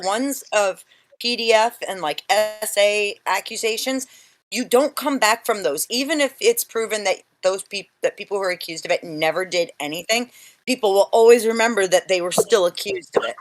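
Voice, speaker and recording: A woman's voice: medium pitch, normal speed, no echo. A woman in a casual live stream chat, explaining her view earnestly. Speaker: panel participant.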